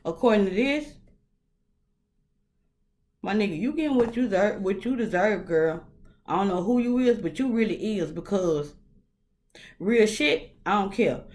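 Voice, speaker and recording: A woman hosting her own talk vlog, talking casually and frankly in a rambling way, with lots of fillers and swearing. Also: a little high. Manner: blunt, opinionated, swears freely. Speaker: host. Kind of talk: casual solo vlog monologue.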